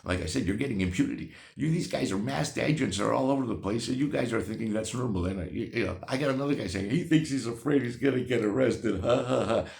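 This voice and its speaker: A man's voice: medium pitch, fast, gravelly, hardly any pauses, a little mellow, echoey room. A man vlogging replies to viewer comments in a casual, sarcastic rant, laughing at his own points and restarting often.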